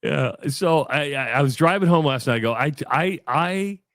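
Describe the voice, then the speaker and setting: Radio co-host, middle-aged man, slightly high voice, rambling, animated storytelling, dry studio sound. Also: normal speed, no room sound. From Iowa. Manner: rambling, animated storyteller acting out both sides of a chat. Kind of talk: casual storytelling on sports radio.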